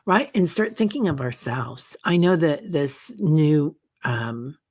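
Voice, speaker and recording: A woman hosting a meditation group livestream, chatting gently and reading viewer comments aloud with many soft fillers. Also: low-pitched, animated, slow pace, slightly rough, dry recording, clean studio sound.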